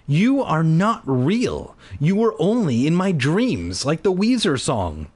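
A man's voice: on the high side, very animated, slow, a little mellow, voice pushed up, exaggerated voice. A man reading aloud as a frightened young man, raising his voice shrilly and stammering in panic. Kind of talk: comedic dramatic reading.

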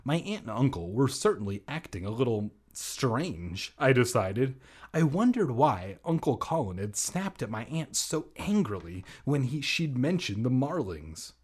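A man reads a children's book aloud in a slow, husky voice, cracking offhand jokes between the sentences. His pitch swings widely and keeps the reading lively. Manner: jokey asides while reading. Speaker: reader.

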